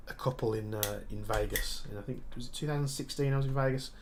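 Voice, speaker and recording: A man's voice: mid-range voice, fast, background noise. A man with a Birmingham accent, chatting casually on a live stream while he builds and answers viewer questions. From Birmingham, England. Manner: casual, chatty, explains as he works. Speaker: airsoft tech streamer.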